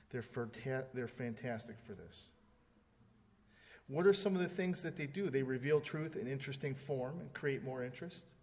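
Animated male Bible teacher in a reverberant hall. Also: on the high side. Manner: conversational, asks the audience "right?" often; animated, mimics voices when quoting. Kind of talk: informal sermon.

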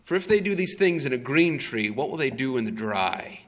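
A man voicing a beaten but calm and bold male prisoner, speaking quietly and solemnly within a sermon. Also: mid-range voice, moderate pace, lightly acted.

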